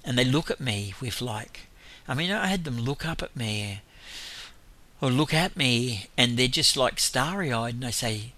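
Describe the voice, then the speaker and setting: A man's voice: medium pitch, lively intonation, measured pace, sharp tone. A man preaching in an informal testimony style, telling rambling stories with frequent chuckles.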